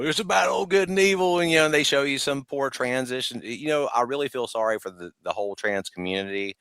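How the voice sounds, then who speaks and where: A man's voice: lowish voice, smooth, no echo. Emphatic man in his fifties, dry sound. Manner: animated and emphatic, with mocking asides. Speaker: podcast guest. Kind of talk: casual conversation.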